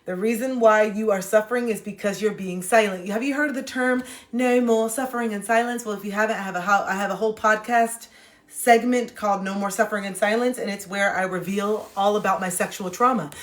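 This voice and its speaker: A woman giving spiritual advice on her livestream speaks briskly in a steady, mid-range voice. Her casual talk is blunt, preachy and slangy, recorded on a phone with a roomy sound.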